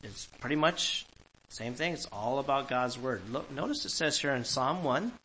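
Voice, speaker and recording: A man's voice: mid-range voice, animated, moderate pace, bright, forceful tone, slight background noise, low-quality recording. A man preaching a sermon, emphatic and asking the congregation questions as he reads scripture. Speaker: pastor.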